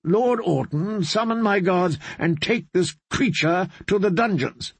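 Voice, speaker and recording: A man's voice: high voice, expressive, measured pace, vocal fry, breathy edge, dry recording, voice pushed up, heavily acted. A man voicing a cold, imperious queen who gives clipped commands.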